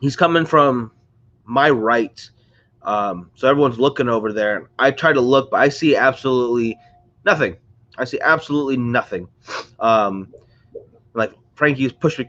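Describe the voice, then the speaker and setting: Speaking at a normal pace, this livestream host has a mid-range, slightly bright voice and sounds stuffed up and under the weather. He rambles chattily and says hello to viewers, recorded near a phone or screen with the highs cut off.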